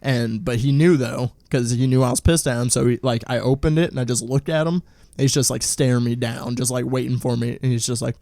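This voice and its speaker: A young man co-hosting a podcast, his voice sitting in a middling register. He tells profane stories with a loose, animated delivery, and the recording is dry with no room sound. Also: medium pitch, a little fast, creaky, no room sound. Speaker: podcast co-host. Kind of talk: casual chat.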